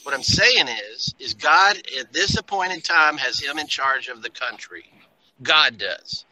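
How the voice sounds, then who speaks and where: Guy with a really bright forceful voice, pushing his point hard. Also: medium pitch, lively intonation, measured pace, poor audio. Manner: emphatic, argumentative, folksy grammar. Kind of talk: casual chat.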